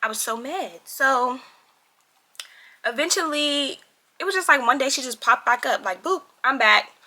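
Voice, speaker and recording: Animated young woman, bright voice. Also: sits high, normal speed. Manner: animated, addresses viewers as y'all, acts out quotes. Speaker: vlogger. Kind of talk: casual storytime to camera.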